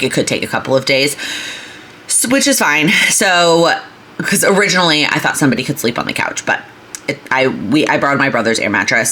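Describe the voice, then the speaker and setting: A woman's voice: a bass voice, bright, forceful tone. A young woman, vlogging from home in a rambling, chatty way that keeps interrupting itself. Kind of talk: casual chat. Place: home, indoors. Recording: echoey room with faint noise.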